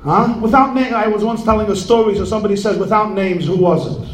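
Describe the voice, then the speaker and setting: A man's voice: high-pitched, quick pace, roomy sound, a little hiss or hum, rough recording. A man giving a humorous sermon as a rabbi, telling stories and jokes sprinkled with Yiddish words.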